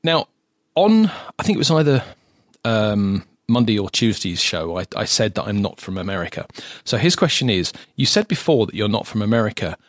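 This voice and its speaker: A man's voice: fairly low pitch, very animated, moderate pace, hardly any pauses, dry recording, studio quality. Chatty southern English man hosting a podcast. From south of England. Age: adult, lived ten years in current home. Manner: chatty, hesitant with many restarts. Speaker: podcast host. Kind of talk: casual podcast chat.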